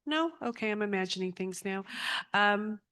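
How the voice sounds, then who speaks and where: A woman's voice: medium pitch, lively intonation, normal speed, fairly bright tone, smooth. A woman chairing a school board meeting, chatty and upbeat as she gives her report.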